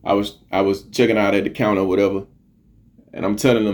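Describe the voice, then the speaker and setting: A man's voice: lowish voice, level tone, fast talker, a little mellow. Earnest man preaching self-worth. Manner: earnest, preachy, repeats phrases for emphasis; swears casually. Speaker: podcast host. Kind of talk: motivational monologue.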